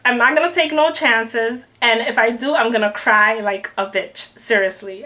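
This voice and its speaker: A young woman in a storytime vlog, animated and acting out the people she quotes. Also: a little high. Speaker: vlogger. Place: New York City.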